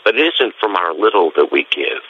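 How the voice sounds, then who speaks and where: A man, a friar, giving a gentle and musing Christmas homily in a scratchy voice, pausing often to reflect. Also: sits low, very animated, breathy edge. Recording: dull lo-fi recording.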